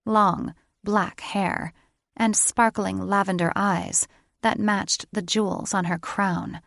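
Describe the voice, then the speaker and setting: Slow, measured woman audiobook narrator. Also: mid-range voice, vocal fry, dry recording, studio quality. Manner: measured, unhurried storytelling.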